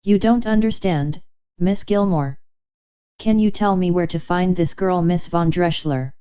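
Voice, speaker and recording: A woman reading the part of a stern, gruff older male army colonel in an audiobook, speaking curtly. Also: fairly low pitch, unhurried, mellow, highs cut off, close to an everyday voice.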